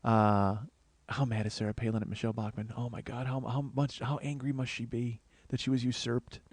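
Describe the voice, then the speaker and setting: A man's voice: mid-range voice, flat delivery, fairly quick, darkish tone, husky, no room sound. A man hosting a comedy podcast, rambling profanely through a solo monologue and laughing at his own jokes. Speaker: podcast host.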